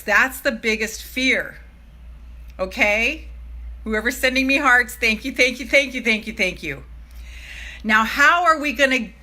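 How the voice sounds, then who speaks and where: A middle-aged woman giving a motivational self-love talk to a live audience, emphatic, swinging from hushed asides to loud exclamations and swearing freely. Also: fairly high pitch. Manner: swears freely, laughs between phrases.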